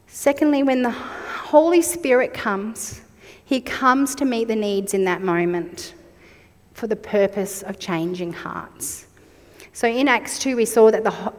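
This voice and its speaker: A woman's voice: medium pitch, long reverb tail. A woman in her forties preaching a sermon, reflective and personal as she shares her own story.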